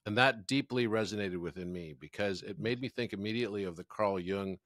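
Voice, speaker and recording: A man hosting a podcast, talking in a reflective, measured way. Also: on the low side, a bit bright, no room sound, studio quality. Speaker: podcast host. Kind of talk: conversational podcast interview.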